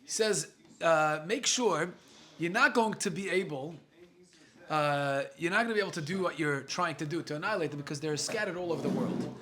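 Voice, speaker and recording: A man's voice: fairly high pitch, brisk, fairly bright tone. A man, a rabbi, teaching a casual Talmud class to a live group. He reads short Aramaic phrases, then explains them in chatty English, thinks aloud and jokes with his students.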